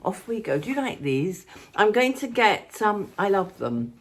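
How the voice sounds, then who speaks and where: A woman's voice: medium pitch, big pitch swings, a little slow. An older woman from England chatting casually to her phone camera, rambling and affectionate, walking about outdoors and at home. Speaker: vlogger.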